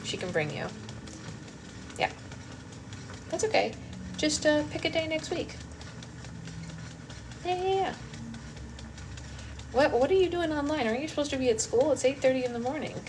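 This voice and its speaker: A young woman hosting a casual livestream chat, talkative and warm with viewers, now and then breaking into song. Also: high-pitched, expressive, moderate pace, long pauses. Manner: chatty, breaks into singing. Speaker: book club livestream host. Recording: loud background hum.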